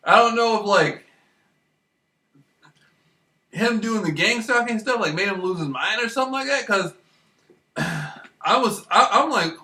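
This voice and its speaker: A man with a high, bright voice tells rambling, profane stories in a loose, casual monologue, laughing often as he goes. He sits well back from the mic in an echoey room. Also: lively intonation, a little slow, pauses often, distant mic. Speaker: vlogger.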